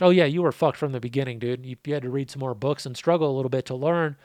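A man's voice: mid-range voice, fast, darkish tone, dry recording, studio quality. A man hosting a casual podcast, answering listener questions in a laid-back, profane, rambling way, his voice worn out. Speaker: podcast host.

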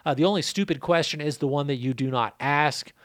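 Brief: casual male host, slightly higher pitch, dry close sound, easygoing and profane. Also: brisk, no room sound. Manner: laid-back, swears casually, repeats numbers. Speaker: seed breeder and channel host. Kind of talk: casual answering of a viewer question.

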